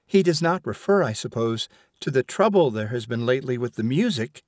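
Male reader as a puzzled chatty friend, higher voice, lively pitch, dry room. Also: a little fast, dry recording, natural voice.

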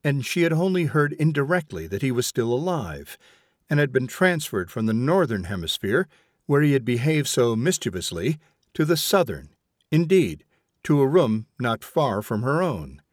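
Male audiobook narrator, expressive pitch, dry close recording. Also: normal speed, no echo.

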